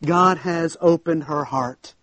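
High-voiced preacher with emphatic drawn-out words. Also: male voice, fairly bright tone, no room sound. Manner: emphatic, stretches key words slowly. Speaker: pastor. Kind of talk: sermon.

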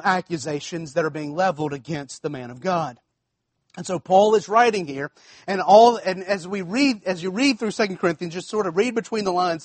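A man, preaching with a fairly high voice. He talks conversationally, repeats phrases and checks in with the congregation. The sound is dry and close. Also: no echo. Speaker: pastor. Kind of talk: sermon.

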